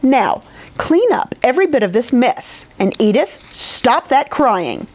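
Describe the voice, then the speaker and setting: A woman's voice: medium pitch, expressive, normal speed, a little mellow, lightly acted. A woman voicing a stern, strict grown-up male bear guardian in a storybook, speaking firmly. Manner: stern, firm.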